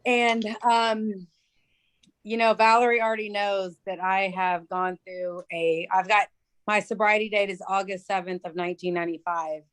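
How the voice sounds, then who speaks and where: A woman's voice: mid-range voice, flat delivery, moderate pace, fairly bright tone, clear, resonant tone. A woman giving an earnest, open personal share at a recovery meeting. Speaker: meeting member sharing.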